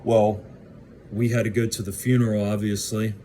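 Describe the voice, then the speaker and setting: Guy with a lowish voice telling his life story straight, blunt and cussing. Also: little pitch movement, normal speed, warm tone, slight background noise. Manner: candid and blunt, swears freely. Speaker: storyteller recounting his own past. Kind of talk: casual first-person storytelling.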